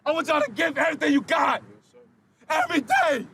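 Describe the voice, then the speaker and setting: Fired-up man shouting a team speech. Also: very high voice, racing, vocal fry, a little hiss or hum. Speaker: football player addressing team. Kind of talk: locker-room motivational speech.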